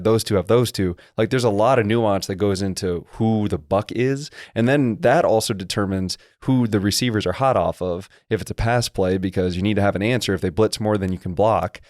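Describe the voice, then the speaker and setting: Male podcast co-host, low voice, dry close mic, rapid technical analysis. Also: a little mellow, no room sound. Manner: detailed, fast technical football breakdowns. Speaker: podcast co-host and former lineman. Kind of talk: casual sports podcast chat.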